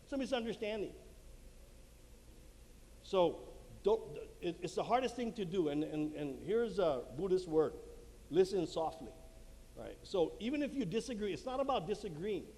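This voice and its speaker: A man's voice: high-pitched, expressive, moderate pace, long pauses, mellow. A man giving a talk at a marriage conference, acting out little quotes and laughing at his own jokes. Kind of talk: lively talk to a live audience. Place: church hall before an audience. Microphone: handheld mic. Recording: long hall reverb, faint room noise.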